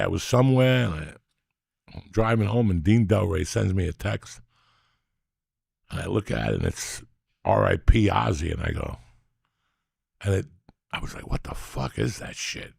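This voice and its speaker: A man's voice: fairly low pitch, moderate pace, gravelly, pauses often, a little mellow, breathy edge, dry recording, studio quality. A man in his sixties hosting a podcast, telling rambling, profane stories and teasing his co-host. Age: 60s. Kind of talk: casual chat and storytelling.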